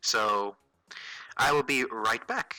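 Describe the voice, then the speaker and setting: A man hosting a livestream drawing tutorial, narrating casually as he works and thinking aloud with fillers and quick self-corrections. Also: medium pitch, bright, forceful tone, no room sound, low-quality recording.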